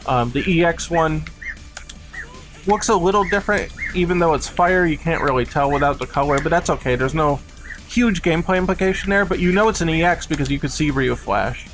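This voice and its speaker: A young man with a somewhat high voice chats casually through a live game-development stream. He walks through his design reasoning in a loose, rambling way, leaning on filler words. Faint music plays quietly behind him. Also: brisk. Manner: rambling and explanatory, heavy on "like".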